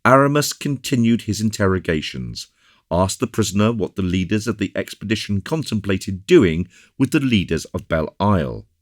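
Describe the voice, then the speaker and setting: A man narrating a classic adventure novel in an expressive, animated way. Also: lowish voice, moderate pace, no room sound, clean studio sound. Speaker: audiobook narrator. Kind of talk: scripted narration.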